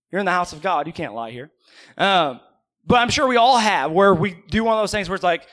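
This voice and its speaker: A man's voice: high-pitched, lively intonation, a little fast, bright, forceful tone. A male pastor preaching a sermon in a church, in a conversational way, questioning the congregation and adding joking asides.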